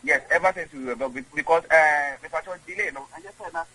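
A man's voice: a little high, fast, bright, forceful tone, husky, poor audio. A man with a Ghanaian accent, a guest in an interview, who rambles and repeats words. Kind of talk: conversational interview.

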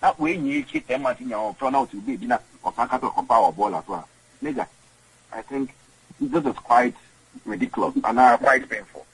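A man with a Ghanaian accent, an interview guest talking in an animated, emotional way, mixing English and Twi. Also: medium pitch, brisk, creaky, husky, rough recording.

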